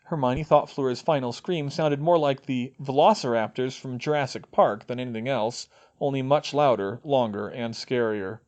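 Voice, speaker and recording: A man reading fan fiction aloud as an audiobook narrator, expressive in delivery. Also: mid-range voice, moderate pace, lo-fi sound. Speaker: audiobook reader.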